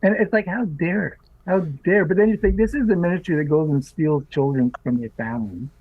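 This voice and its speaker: A man's voice: on the high side, fairly quick, dry recording. Indignant man on a tinny line. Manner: indignant, emphatic, rhetorical questions. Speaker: podcast guest. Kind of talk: casual podcast discussion. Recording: tinny phone-like remote call line.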